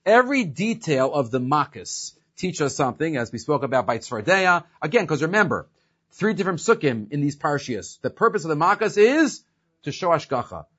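A man's voice: fairly high pitch, fairly quick, breathy edge. A man teaching an evening Torah class, telling stories, acting out the quotes and mixing Hebrew phrases into his English. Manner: animated storyteller who acts out the quotes; mixes Hebrew phrases into English and restates them. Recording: dull lo-fi recording.

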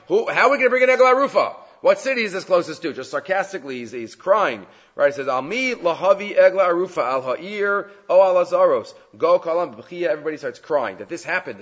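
A man teaching a Talmud class, asking rhetorical questions and retelling stories with animated emphasis. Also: mid-range voice. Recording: dull lo-fi recording.

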